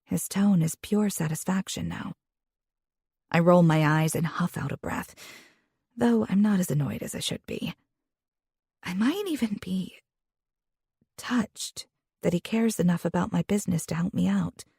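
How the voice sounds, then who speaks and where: A young woman reading a first-person romance audiobook in an expressive, intimate way, with a husky voice. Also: lowish voice, measured pace, long pauses, dry recording, studio quality. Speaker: audiobook narrator.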